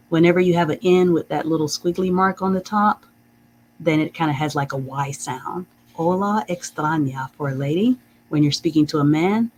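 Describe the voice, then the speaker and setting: A teacher leading a live-streamed reading lesson, saying phrases slowly and carefully, checking in with "okay?" and chuckling often. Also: mid-range voice, slight background noise, poor audio. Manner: reads out viewer comments.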